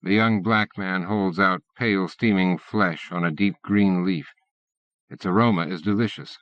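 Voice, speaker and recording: A man with a fairly low voice reads an audiobook in a measured, even way. The recording is a dull, lo-fi cassette transfer, close and dry. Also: no echo. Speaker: audiobook narrator. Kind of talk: scripted audiobook narration.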